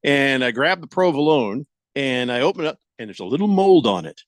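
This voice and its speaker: A man at a studio microphone hosts a radio talk show, trading casual banter and telling stories while animatedly impersonating the people he quotes. His pitch is medium, his pace a little fast, and there's no echo.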